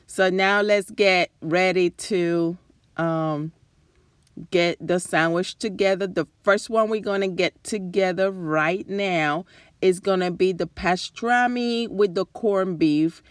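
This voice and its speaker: A woman hosts a casual cooking demonstration at her stove, talking slowly and chattily to her viewers. Her voice is fading as she goes, and the sound is close and dry with pans sizzling behind her. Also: fairly low pitch, clear, resonant tone, dry recording. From New Jersey and New York area. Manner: chatty, enthusiastic, addresses viewers directly. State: losing her voice. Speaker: cooking channel host. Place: home kitchen at the stove.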